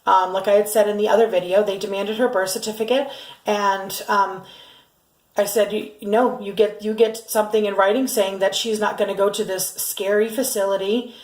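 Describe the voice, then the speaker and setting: A woman's voice: mid-range voice, flat delivery, moderate pace. Indignant middle-aged woman, echoey room. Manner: urgent and indignant, many ums and restarts. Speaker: mother telling her family's story. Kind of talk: emotional first-person vlog.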